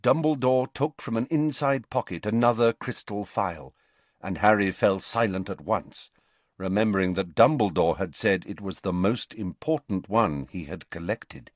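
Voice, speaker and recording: A man narrating an audiobook with expressive storytelling, recorded on a close mic. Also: on the low side, normal speed, dry recording. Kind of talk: scripted narration.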